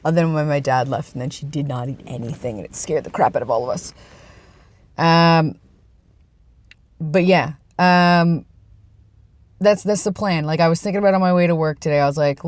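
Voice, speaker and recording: A man's voice: fairly high pitch, normal speed, long pauses, no room sound. A young man vlogging in a casual, rambling way, with self-deprecating asides, talking from his workplace. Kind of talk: casual chat.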